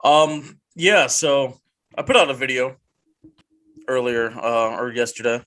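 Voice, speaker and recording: A man's voice: mid-range voice, fairly even intonation, unhurried, fairly bright tone. A man hosting a casual podcast with friends, joking and mock-dramatic, rambling with restarts. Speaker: podcast host.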